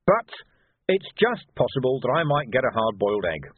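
A man's voice: mid-range voice, very animated, moderate pace, slightly rough, dry recording. A man voicing a weary, dry-witted male police sergeant who speaks bluntly and sardonically. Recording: narrow phone-like sound.

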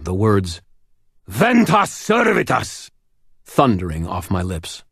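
Deep-voiced man narrating an audiobook. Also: no echo, studio quality. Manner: measured, dramatic storytelling. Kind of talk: first-person fiction narration.

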